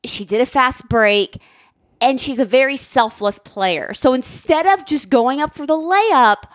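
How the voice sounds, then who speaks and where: A high, lively woman's voice rises and falls sharply as she tells a story and acts out the lines. The sound is dry and close, with no room at all. She sounds like a co-host in her thirties chatting with her husband. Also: measured pace, no echo. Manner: animated, acts out quotes with big pitch jumps. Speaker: podcast co-host, parent. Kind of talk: casual storytelling chat.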